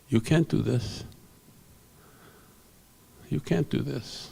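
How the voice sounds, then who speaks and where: An older man telling rambling, animated anecdotes on stage at an awards ceremony, correcting himself as he goes, through a stage microphone in a convention hall. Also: medium pitch, slow, gravelly, slightly rough. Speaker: veteran comic book inker and speaker. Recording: long hall reverb.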